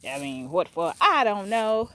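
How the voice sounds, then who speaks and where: A middle-aged woman vlogging casually from her dining room at home, talking fast and chatty to her viewers. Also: mid-range voice, big pitch swings, fairly bright tone. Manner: fast-talking, chatty, says y'all a lot. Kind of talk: casual vlog chat.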